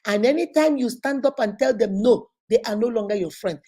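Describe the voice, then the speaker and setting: A Nigerian woman hosting a casual vlog, telling lively stories and acting out other people's voices. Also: a little high, a little fast. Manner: lively storytelling, acts out other voices, exclaims. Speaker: online influencer host.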